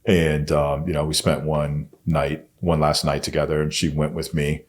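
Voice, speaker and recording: Delivered flatly at normal speed in a rumbling low voice, this is a man's candid story about himself as a podcast guest. He retells it intensely and bluntly, cursing constantly.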